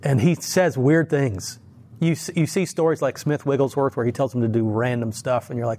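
A man's voice: medium pitch, steady tone, normal speed, mellow. Man, informal sermon, conversational storytelling, frequent restarts, easy chuckles. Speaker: lay preacher.

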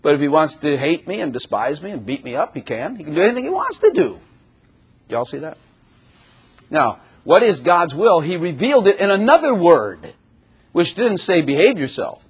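A man's voice: a little high, sing-song, moderate pace, husky. A man preaching a sermon who often laughs and acts out little voices as he talks.

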